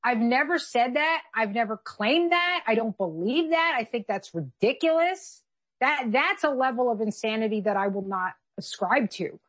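High-pitched emphatic woman co-host. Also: lively intonation, normal speed, a bit bright. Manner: emphatic, argumentative. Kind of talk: political commentary chat.

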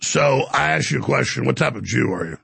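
A male talk-radio host with a heavily gravelly, husky voice that swings widely in pitch. He sounds forceful and exasperated. The sound is dry and close to the mic. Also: animated, a little fast, no room sound. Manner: forceful, exasperated, and prone to dramatic recitation.

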